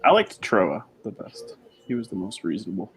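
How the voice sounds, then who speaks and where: A man's voice: sing-song, normal speed, soft background music. A man chatting casually on a model-building livestream, laughing often and talking bluntly and crudely. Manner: laughing, blunt and crude, pitch jumps around. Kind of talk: casual chat.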